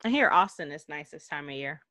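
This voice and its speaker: Lively low-voiced woman, joking. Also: a little fast, dry recording, studio quality. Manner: joking, teasing, lots of fillers. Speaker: podcast co-host. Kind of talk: casual chat.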